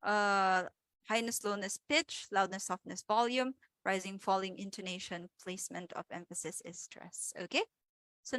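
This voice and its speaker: A young woman with a Filipino accent runs a live exam review, switching easily between English and Filipino. Her voice sits a little high and sounds dry and close to the mic. She reads out viewers' answers with polite respect before explaining each one. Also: fairly bright tone, no room sound. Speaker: review coach.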